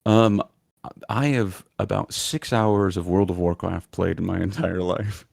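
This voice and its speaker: Deep gravelly man, very dry sound. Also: fairly even intonation, a little slow, darkish tone, no room sound. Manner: thoughtful, hesitant with frequent ums. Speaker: podcast guest, lore video creator. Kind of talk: casual interview chat.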